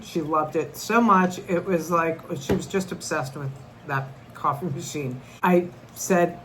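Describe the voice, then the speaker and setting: A woman's voice: on the low side, a bit bright, slight background noise, low-quality recording. A middle-aged woman telling a personal story to camera in an earnest, conversational way, often restarting her sentences. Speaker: vlogger.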